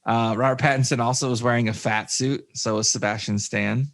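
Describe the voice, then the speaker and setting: A man's voice: medium pitch, steady tone, fairly quick, vocal fry, fairly bright tone. Rambling man on a movie podcast. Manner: rambling, many fillers and restarts. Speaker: podcast co-host. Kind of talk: casual movie review chat.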